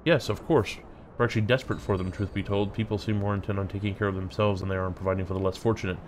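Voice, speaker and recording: A man's voice: on the low side, steady tone, rapid-fire, a little hiss or hum, natural voice. A man voicing a polite, earnest man who runs a shelter in a game. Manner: polite, grateful. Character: earnest male shelter keeper.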